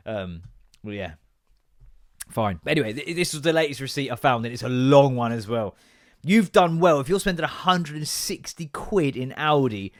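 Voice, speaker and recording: A man's voice: medium pitch, no room sound, clean studio sound. A young man hosting a podcast, ranting in a sweary, sarcastic, exasperated way. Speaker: podcast host. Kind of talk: comedic solo rant.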